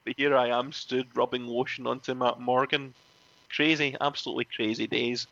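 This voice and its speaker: A man, a former wrestling referee, telling animated stories in a casual interview, often laughing and acting out other people's lines. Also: medium pitch, normal speed, muffled recording. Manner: animated, laughs often, acts out quoted voices.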